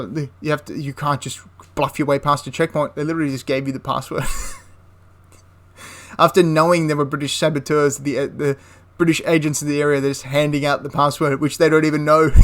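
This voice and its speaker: With a slightly high voice, flat delivery and fairly bright tone, a young man speaks a little fast. As a history channel host, he chats casually through a wartime tale, correcting himself in the middle of sentences.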